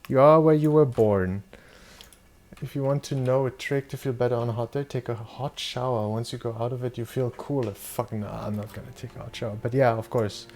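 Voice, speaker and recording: Here a young German streamer with a medium-pitched, darkish voice talks at a moderate pace. He chats loosely with his audience during a game, cursing casually and fielding chat questions.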